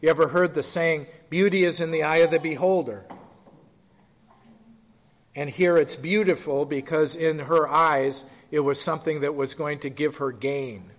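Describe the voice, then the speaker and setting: A man's voice: fairly high pitch, steady tone, moderate pace, long reverb tail. A man leading a Bible study, reading scripture aloud and asking the group questions in a conversational way. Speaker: Bible teacher. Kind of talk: interactive Bible study teaching.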